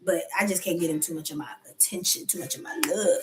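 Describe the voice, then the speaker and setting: A woman's voice: fairly low pitch, very animated, quick pace, music in the background, low-quality recording. A woman hosting a casual live coffee chat stream. She talks loosely, answers her viewers' comments and laughs often.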